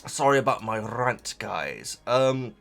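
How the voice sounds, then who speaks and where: Man, casual rambling chat, lively high voice, faint background music. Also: slow, creaky. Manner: rambling, many restarts and asides to viewers. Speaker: vlogger reacting to a book.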